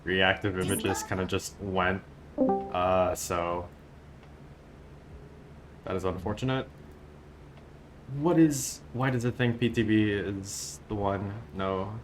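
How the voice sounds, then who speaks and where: A man's voice: low voice, steady tone, slow, pauses often, noisy background. A man streaming live with a groggy morning voice, flustered and self-mocking as he reads aloud to chat.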